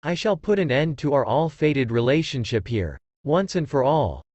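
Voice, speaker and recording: A man's voice: mid-range voice, sing-song, normal speed, darkish tone, dry recording. A man voicing an angry ancient male stone statue who speaks solemnly.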